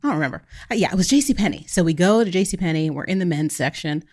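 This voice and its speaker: Speaking in a lowish voice at a rapid-fire pace, a podcast co-host in her thirties shares a family story. She's casual and animated, performing the quoted lines as she goes.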